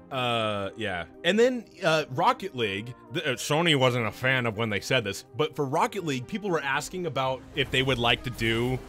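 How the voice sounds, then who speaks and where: A man streaming a game, chatting casually and rambling through animated stories with lots of restarts. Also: mid-range voice. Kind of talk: casual chat while gaming.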